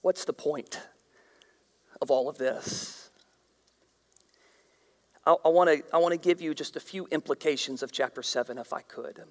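A man preaching a sermon as a pastor, swinging from shouted emphasis down to hushed whispers. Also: on the high side, normal speed, long pauses. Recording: reverberant hall, voice at times far from mic.

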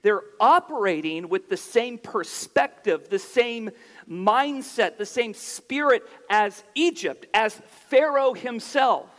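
Male preacher, very high voice, unhurried sermon delivery, long hall reverb. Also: expressive, fairly bright tone. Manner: deliberate, expository, restarts phrases when emphasizing.

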